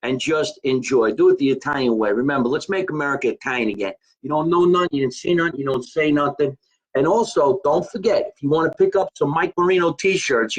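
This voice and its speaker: A man's voice: on the high side, slightly rough, dull audio. A man hosting his own live stream, chatting casually and joking in a rambling way. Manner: chatty, rambling, joking about being Italian. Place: his home.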